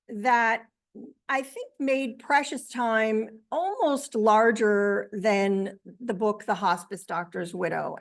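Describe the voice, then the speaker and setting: A woman author talking about her book and showing her artwork, in a halting way with many pauses and fillers. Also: a little high. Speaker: author and widow.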